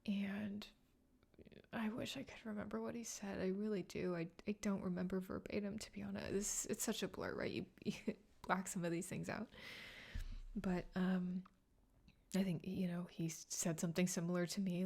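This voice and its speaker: A woman podcast host telling a personal story in a soft, halting, tearful way, often dropping to a whisper. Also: mid-range voice, fairly even intonation, vocal fry. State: emotional, near tears. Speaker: podcast host and grief coach. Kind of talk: personal solo podcast monologue.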